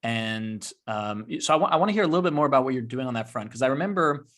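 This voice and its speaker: A man, a rabbi hosting an interview, telling a story in an earnest, measured way. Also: medium pitch, lively intonation, fairly bright tone. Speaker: rabbi and podcast host. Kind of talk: conversational interview.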